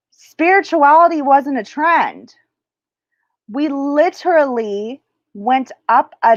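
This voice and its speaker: Slow, rambling woman on a lo-fi stream. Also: fairly high pitch, dry recording. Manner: crass, joking, scattered, loses her train of thought; slow, drawn-out teaching delivery. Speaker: spiritual livestream host. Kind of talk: rambling casual livestream chat.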